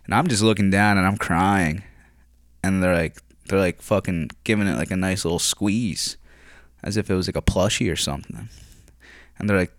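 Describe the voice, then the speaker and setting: A young man with a low voice tells a rambling story in a loose, profane ramble. He sounds close to the mic in a dry room with no echo. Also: moderate pace. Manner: rambling, profane, swears constantly. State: recovering from surgery. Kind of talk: casual storytelling.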